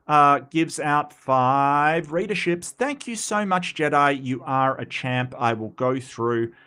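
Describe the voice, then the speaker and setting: A man's voice: medium pitch, fairly bright tone. Chatty Australian man hosting a livestream. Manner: chatty and rambling, with frequent restarts and asides. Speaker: livestream host. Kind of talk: casual livestream commentary.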